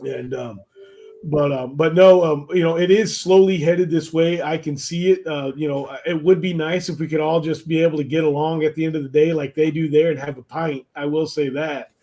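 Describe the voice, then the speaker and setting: A man co-hosting a casual podcast, his voice sitting a little high for a man. He wanders through his stories, trailing off and filling gaps with ums and uhs. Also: steady tone, fairly quick, few pauses, mellow. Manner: rambling, storytelling, many fillers. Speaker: podcast co-host. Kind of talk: casual chat.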